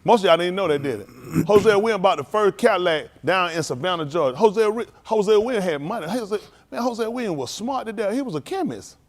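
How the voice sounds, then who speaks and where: A man giving loose, animated commentary at a livestreamed service, laughing often. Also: high voice, fast. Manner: animated, laughing, preachy street talk. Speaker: preacher.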